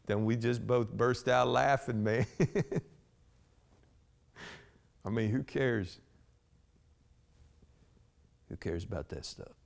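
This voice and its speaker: This man's medium-pitched voice moves slowly, carries vocal fry, and pauses often. He's acting a one-man theatrical monologue as a rambling blue-collar husband talking to a cop, restarting sentences and saying "man" over and over.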